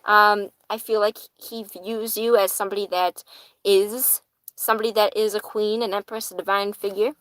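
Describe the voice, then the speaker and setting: A woman's voice: mid-range voice, little pitch movement, moderate pace, a bit bright, dry recording, low-quality recording. A woman giving casual live-stream tarot readings in a chatty manner, swearing casually and laughing easily. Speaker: tarot reader.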